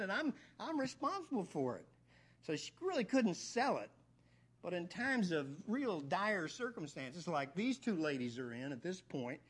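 A male preacher teaching through a Bible passage, his voice sitting a little high for a man. He speaks in an animated way, repeating words as he builds emphasis.

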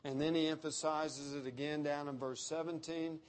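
A man preaching an expository sermon, slowing down to quote scripture and stressing key words. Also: fairly high pitch, flat delivery. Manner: emphatic, slows down to quote scripture. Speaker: pastor.

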